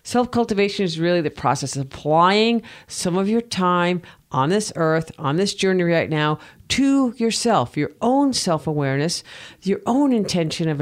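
A man's voice: high-pitched, expressive, normal speed. Playful male podcast co-host. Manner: playful, joking. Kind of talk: casual podcast chat.

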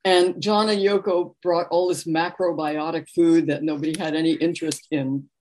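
A woman from New York is being interviewed about her book. She tells anecdotes in an animated way, breaking into laughter, and her voice sits a little low. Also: normal speed. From New York, USA. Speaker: author and guest. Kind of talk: conversational interview storytelling.

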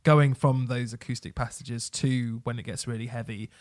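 A man chats about records with eager enthusiasm, often restarting his sentences. His voice sits at a middle pitch. The recording is dry and close, with little room sound. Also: fairly even intonation, moderate pace, no echo. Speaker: music podcast co-host. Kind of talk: casual chat.

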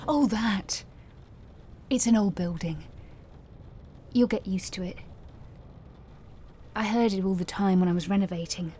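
A woman's voice: medium pitch, dark tone, a little hiss or hum, lightly acted. A woman playing a chatty, fussy host who shows a friend around her lighthouse in a radio drama. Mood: hushed. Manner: quick, fussy and rambling.

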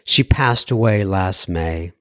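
A man with a deep voice hosts a podcast, slowly reading listener messages aloud in a casual, chatty way. He thinks out loud, using fillers and correcting himself. The studio-quality recording has no room sound.

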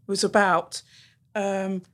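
Woman in her late fifties, teacher, animated storyteller, mid-pitched voice. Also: slow. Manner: animated storyteller who acts out the people she quotes. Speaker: teacher and podcast guest. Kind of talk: storytelling in a podcast interview.

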